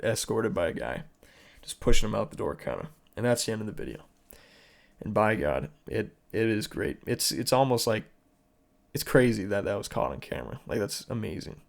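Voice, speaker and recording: A man's voice: lowish voice, gravelly. A man hosting his own podcast, retelling a viral video in casual solo commentary, swearing often and acting out the people in it. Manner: swears a lot, animated retelling. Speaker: podcast host.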